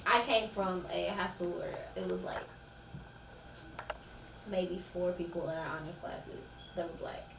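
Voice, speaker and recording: A young woman on a student panel, telling a story in a casual, animated way. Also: fairly low pitch, measured pace, vocal fry, pauses often, background noise. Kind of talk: casual group discussion. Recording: echoey room, far from mic.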